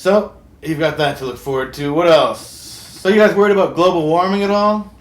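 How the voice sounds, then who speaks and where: A man's voice: fairly high pitch, moderate pace, natural voice. A man playing a punning shark talk show host. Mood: wry. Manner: deadpan punning, chuckling at own jokes. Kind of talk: comedic late-night monologue. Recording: roomy echo with faint background hum.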